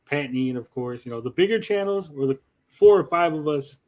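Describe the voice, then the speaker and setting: A man's voice: a little high, expressive, a little fast, darkish tone. A man hosting a gaming livestream, talking bluntly in casual chat and swearing freely.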